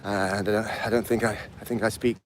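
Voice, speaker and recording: A man's voice: fairly low pitch, level tone, fast, a little hiss or hum. Breathless man rambling on a walk. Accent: mixed English. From England. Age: 50s. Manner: rambling, answers chat comments aloud. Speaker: live stream host. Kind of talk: casual live stream chat. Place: outdoors, walking uphill.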